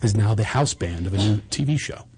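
A man's voice: lowish voice, expressive, fairly quick, darkish tone, husky. A middle-aged man hosting a comedy show, telling rambling, self-deprecating personal stories in a bombastic, casual way. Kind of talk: casual chat and personal storytelling.

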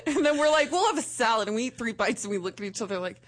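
A woman's voice: on the high side, animated, racing. Crude, laughing woman radio host. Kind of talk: casual call-in radio chat.

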